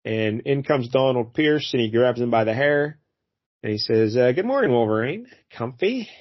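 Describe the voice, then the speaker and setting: A man's voice: mid-range voice, fairly even intonation, normal speed, lo-fi sound. A man hosting a casual comic book review, talking in a rambling way with many fillers and restarts. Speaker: podcast host.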